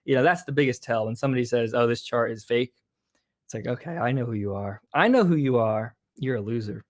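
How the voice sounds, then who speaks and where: A man talking casually on an online show, deadpan and blunt, repeating his points flatly. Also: medium pitch, quick pace. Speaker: show guest explaining a theory.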